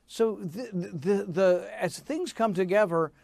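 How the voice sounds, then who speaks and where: A man speaking as a senator in an interview, telling his story in an emphatic, animated way. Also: sits high, slow, creaky, dry recording. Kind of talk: interview answer.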